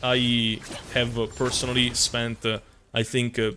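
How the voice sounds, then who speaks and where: A man's voice: medium pitch, monotone, measured pace, noisy background. A man streaming a game, chatting casually to his viewers, swearing often and ranting with lots of fillers. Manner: talks to chat while playing. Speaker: gaming streamer. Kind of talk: casual live-stream commentary.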